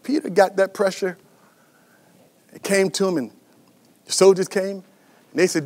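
A man preaching a sermon as pastor, passionate and dynamic, swinging from shouts to hushed whispers and calling out to the congregation. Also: high-pitched, moderate pace, pauses often. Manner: calls out to the congregation.

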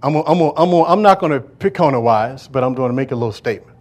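A male pastor delivering a sermon to a congregation, joking and asking the listeners to fill in words, swinging between loud declarations and low asides. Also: animated, very fast. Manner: call-and-response preaching, asks congregation to fill in words. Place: church service before a congregation.

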